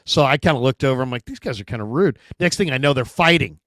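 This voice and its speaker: A man hosting a sports talk show in casual chat, telling stories with lively acted-out quotes. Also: mid-range voice, quick pace, dry recording, studio quality. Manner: animated storyteller, acts out quotes.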